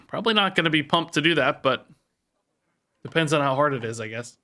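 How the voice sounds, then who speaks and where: Bright, crisp-voiced man streaming a game. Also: on the high side, animated, brisk. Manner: thinks aloud, self-critical, repeats himself. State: sore and tired from sport. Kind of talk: live gameplay commentary.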